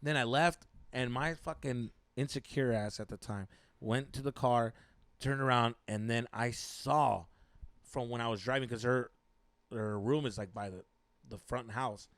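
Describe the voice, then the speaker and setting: A man's voice: mid-range voice, measured pace, fairly bright tone, no room sound. A young man co-hosting a podcast, telling a profane story animatedly and mixing Spanish slang into his English. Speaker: podcast co-host. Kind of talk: casual storytelling chat.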